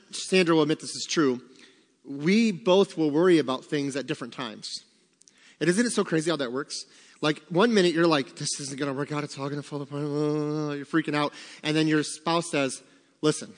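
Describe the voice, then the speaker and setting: A man's voice: a little high, moderate pace, in a large hall. A man leading a church group in casual devotional talk, acting out his own worried voice in quotes. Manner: animated, acts out quoted worries.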